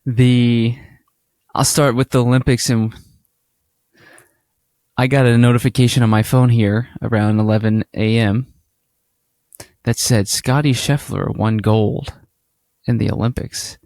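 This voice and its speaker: A man co-hosting a casual podcast, chatty and animated as he tells stories. His voice sits in a middle register. He slips into little acted-out exchanges. The sound is close and dry, with no room around it. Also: mid-range voice, a little slow, pauses often, no room sound. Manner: animated storytelling, acts out quoted exchanges. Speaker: podcast co-host.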